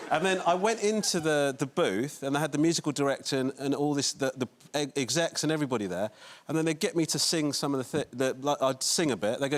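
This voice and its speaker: A man's voice: a little high, fast talker. A man telling a comic anecdote as a talk show guest, rambling and self-deprecating.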